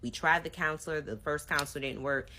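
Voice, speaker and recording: A woman in her thirties telling a personal story to her viewers in a casual, animated way. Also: deep voice, fairly quick, a little hiss or hum. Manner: animated storytelling, acts out both sides of arguments; casual, addresses viewers directly. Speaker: vlogger. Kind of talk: storytime vlog.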